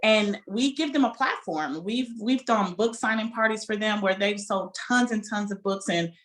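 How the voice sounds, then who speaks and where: Woman, bookstore owner, heartfelt and lively interview talk. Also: mid-range voice, moderate pace. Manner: animated, heartfelt storytelling.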